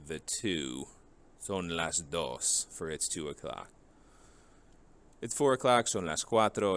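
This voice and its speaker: A man's voice: low-pitched, fairly bright tone. A man teaching a beginner Spanish lesson, patiently explaining and drilling words one at a time. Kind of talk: classroom video lesson.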